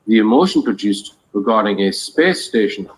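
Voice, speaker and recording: A man's voice: lowish voice, lively intonation, moderate pace, low-quality recording. A man hosting a talk show, reading quotes aloud and explaining them step by step. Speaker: host presenting an analysis. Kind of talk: explanatory commentary.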